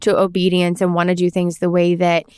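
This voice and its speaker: A woman's voice: fairly low pitch, completely flat delivery, brisk, darkish tone, clean tone, no room sound, studio quality. A young woman co-hosting a casual faith podcast, telling reflective personal stories. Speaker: podcast co-host.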